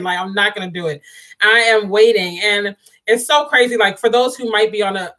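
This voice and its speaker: A woman, talking straight to her viewers and laughing often. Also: fairly high pitch. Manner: animated, laughs often, talks to viewers as y'all. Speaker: livestream host. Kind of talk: casual chat.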